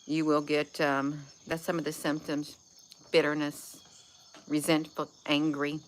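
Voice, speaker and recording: A woman's voice: low-pitched, level tone, measured pace, a little hiss or hum. A woman vlogger talking to camera in a rambling, folksy, chatty way. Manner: folksy, chatty, drifts between topics. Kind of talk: rambling casual monologue.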